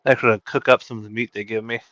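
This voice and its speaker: A man's voice: fairly low pitch, level tone, fast, a bit bright, no echo, dull audio. A man playing a tabletop game, chatting casually and swearing offhandedly. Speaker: player.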